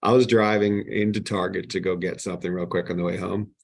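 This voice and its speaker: Husky man telling animated stories. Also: low-pitched, fairly quick. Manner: animated storyteller, acts out quoted exchanges. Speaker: podcast guest. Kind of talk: casual storytelling chat.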